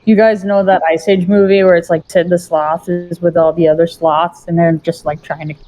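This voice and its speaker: A woman's voice: on the low side, level tone, normal speed, warm tone. A woman playing a tabletop game, joking around, giggling and swearing casually. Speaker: player.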